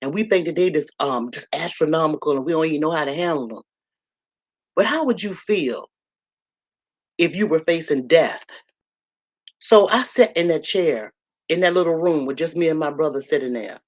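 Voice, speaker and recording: A woman's voice: deep voice, lively intonation, normal speed, pauses often. A woman talks to her viewers from her room at home. Her talk is blunt and earthy. She tells stories in a loose, casual flow, with lots of asides to her audience. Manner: blunt, earthy, storytelling with lots of "you know" and "y'all". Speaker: livestream host.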